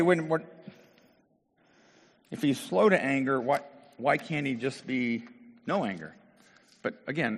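A middle-aged male pastor gives a conversational sermon, asking rhetorical questions and restarting his sentences as he goes. His voice has a slightly husky edge. A long reverb rings around him, as in a large hall. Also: mid-range voice, fairly bright tone.

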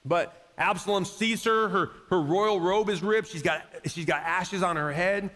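A man's voice: sits high, a little slow, fairly bright tone. A man preaching a sermon as pastor, in a conversational style that acts out quoted voices and rises to emphatic peaks. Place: church sanctuary. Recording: long reverb of a large hall.

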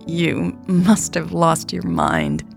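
A woman's voice: low-pitched, sing-song, takes it slowly, vocal fry, faint music behind, exaggerated voice. A woman narrator voicing a weary young woman with a dry, joking way of talking in an audiobook. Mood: wry.

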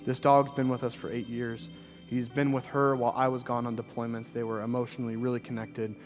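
A man's voice: mid-range voice, little pitch movement, fairly quick, soft background music. Earnest preaching man in his thirties. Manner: earnest, climbing to emphatic repeated lines when preaching. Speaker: pastor. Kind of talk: sermon with personal storytelling.

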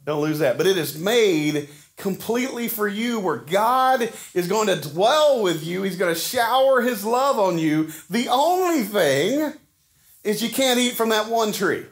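A man's voice: sits high, expressive, a little slow. A man, preaching a sermon to his church in a folksy, conversational way with frequent restarts. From Arkansas. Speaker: pastor. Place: church sanctuary.

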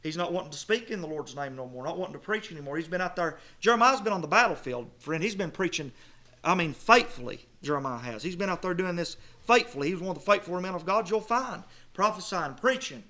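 A middle-aged man preaching a sermon, swinging from loud emphatic phrases to low murmurs and reading scripture slowly. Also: lively intonation. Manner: reads scripture in King James wording with slow stressed phrases.

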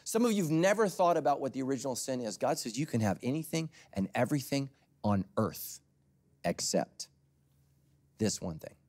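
A man preaching a sermon as a pastor in a conversational, storytelling way, swinging from loud emphasis to near whispers. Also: medium pitch, sing-song, moderate pace.

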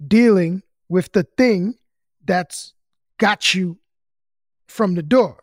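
A man's voice: sits high, no room sound, studio quality. A man hosting a podcast, speaking in a reflective way and working through his ideas aloud in casual chat. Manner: slow, reflective, thinking out loud. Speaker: podcast host.

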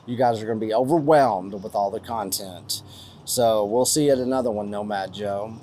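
A man's voice: fairly low pitch, moderate pace, mellow, a little hiss or hum. Folksy West Texas man, casual host. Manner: folksy, rambling, uses lots of fillers. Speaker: podcast host. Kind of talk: casual podcast chat reading listener donations.

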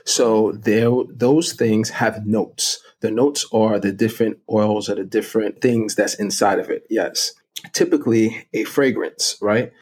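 A middle-aged man with a somewhat low voice, talking as an interview guest. He walks through each point step by step in a chatty, lively way and sounds comfortable in the conversation. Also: a little slow, breathy edge. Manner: explains step by step, chatty and animated. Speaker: guest fragrance expert. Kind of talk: casual interview talk.

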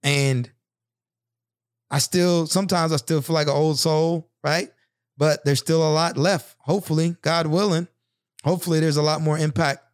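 A man's voice: on the high side, dry recording, studio quality. A man in his thirties hosting a podcast, telling personal stories in an earnest, reflective monologue with frequent restarts. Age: 30s. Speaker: podcast host.

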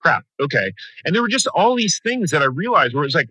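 Bright, emphatic man coaching franchise owners. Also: fairly high pitch, a little fast, slightly rough, no echo, rough recording. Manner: energetic, emphatic motivational delivery. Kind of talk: podcast interview.

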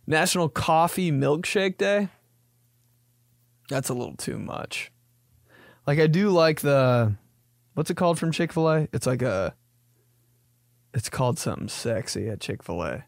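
A man's voice: a little high, animated, measured pace, creaky, pauses often, no room sound, studio quality. A young man hosting a podcast, riffing in a jokey comedic monologue and slipping into silly voices. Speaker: podcast host.

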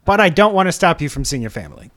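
A man's voice: a little high, very animated, very fast, fairly bright tone. A man playing a tabletop game, casual and playful. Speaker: player.

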